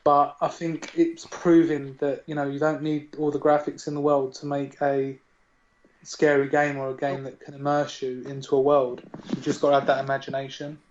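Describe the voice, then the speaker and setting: A man in a casual podcast chat, animated and arguing his points at length, peppered with "you know". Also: fairly high pitch, moderate pace, a little hiss or hum. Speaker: podcast co-host. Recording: dull lo-fi sound.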